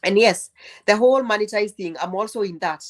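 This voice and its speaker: A woman's voice: medium pitch, fairly quick. A woman sharing her experience on a group call, thoughtful and asking rhetorical questions with a few false starts. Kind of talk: casual group chat.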